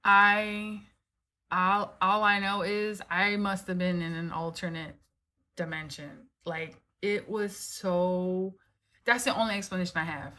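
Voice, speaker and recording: Speaking a little slowly with a medium-pitched voice, a woman recounts a personal story to camera at home. Her delivery is lively and informal, packed with "like" and "right?" plus an occasional swear word.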